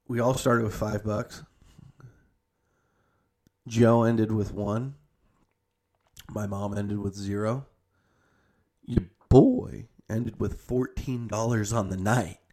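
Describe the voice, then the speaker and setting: A man's voice: fairly low pitch, fairly even intonation, slow, long pauses, dark tone. Rambling young man telling a story. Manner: rambling, lots of "like" and restarts. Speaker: storyteller recounting a family visit. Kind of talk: casual storytelling.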